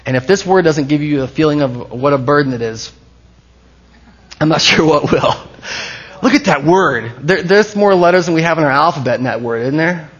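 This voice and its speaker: A man's voice: on the high side, animated, normal speed, breathy edge, muffled recording. A man preaching a sermon in a conversational, playful way, often stopping and restarting his sentences. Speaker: pastor.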